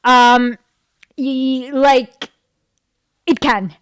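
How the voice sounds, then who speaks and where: Blunt sarcastic woman, fairly high voice. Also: steady tone, extremely slow, clear, resonant tone, dry recording, clean studio sound. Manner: blunt and sarcastic, with many fillers. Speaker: commentary host. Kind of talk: casual reaction commentary.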